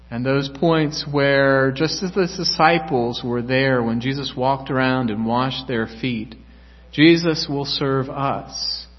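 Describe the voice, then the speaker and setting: A male pastor preaching a sermon in a church, earnest and measured. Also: medium pitch. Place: church sanctuary. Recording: echoey church hall, dull lo-fi sound.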